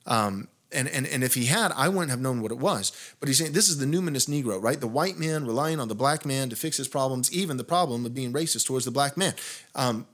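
A man's voice: mid-range voice, lively intonation, fairly quick, fairly bright tone. A man hosting a podcast discussion, telling a long rambling story full of restarts and fillers, growing emphatic as he goes. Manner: grows heated and emphatic. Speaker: pastor and podcast host.

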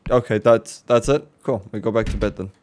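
A man with a fairly low voice hosts a let's play. He banters loosely, cracks jokes and drops the odd swear as he reacts to what happens on screen. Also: a little mellow, slight background noise. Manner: jokey, swears, quick reactions. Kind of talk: casual gaming commentary.

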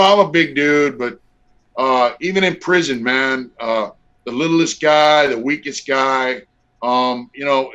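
The recording is dull and lo-fi, featuring a middle-aged male guest swapping stories on a video call interview. He talks bluntly and profanely, laid-back and full of fillers, in a medium-pitched, slightly bright, clean-toned voice.

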